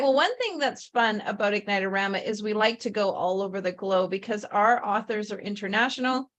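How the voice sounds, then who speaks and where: A woman's voice: on the high side, fairly bright tone. A woman hosting an online author event, enthusiastic and gushing as she introduces guests over a video call. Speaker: host. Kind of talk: upbeat livestream hosting.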